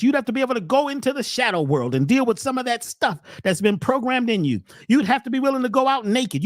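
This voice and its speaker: A man hosting a spiritual health webcast, preaching in a steady run of rhetorical questions. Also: very high voice, no echo, studio quality. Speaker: natural health webcast host. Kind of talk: spiritual motivational talk.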